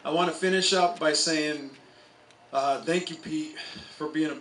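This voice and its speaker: A man's voice: a little high, fairly even intonation, measured pace, roomy sound, recorded from a distance, background noise. A man, a college soccer coach, telling stories at an outdoor memorial speech. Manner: anecdotal storytelling, with chuckles. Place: outdoor stadium.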